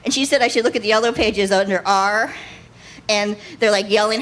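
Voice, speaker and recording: A woman's voice: a little high, brisk, a bit bright, a little hiss or hum. A woman doing a live stand-up set on stage, often laughing at her own jokes. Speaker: stand-up comedian. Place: live comedy show stage.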